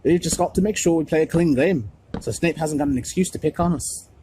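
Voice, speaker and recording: A man voicing a stern teenage sports captain who yells at his team, in a storybook reading. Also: on the high side, brisk, voice pushed up, lightly acted. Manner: yelling, stern. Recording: noisy home recording.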